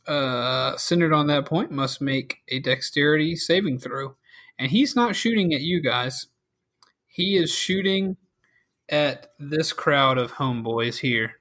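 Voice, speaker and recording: Slow-talking man running a tabletop game. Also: mid-range voice. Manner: relaxed, with frequent fillers. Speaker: game master.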